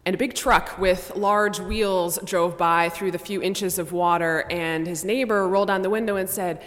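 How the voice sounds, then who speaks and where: A woman pastor preaching a measured sermon, her voice softening to a hush on sombre lines. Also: fairly low pitch, fairly even intonation. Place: church sanctuary. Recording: long church reverb.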